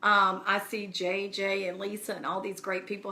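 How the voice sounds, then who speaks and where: Woman chatting to her viewers, bright voice, earnest and encouraging. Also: medium pitch, fairly even intonation, moderate pace. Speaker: speaker addressing her community. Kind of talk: casual live-stream address.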